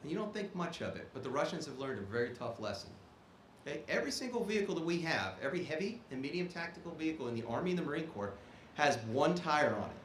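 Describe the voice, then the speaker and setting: A man's voice: fairly high pitch, lively intonation, quick pace, fairly bright tone, slight background noise. A man in his fifties, an Army officer, giving a ceremony speech in an emphatic, plain-spoken way that keeps checking in with the audience. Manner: emphatic, punctuates points with "okay?". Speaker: guest speaker, Army officer. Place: performing arts auditorium. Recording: echoey auditorium.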